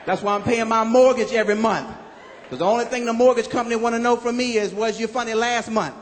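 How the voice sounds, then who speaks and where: A man performing a stand-up comedy routine on stage, animated and loud on his punchlines, acting out other people's voices. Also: very high-pitched, fast, a little hiss or hum. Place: comedy club stage with live audience. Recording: live hall recording with audience.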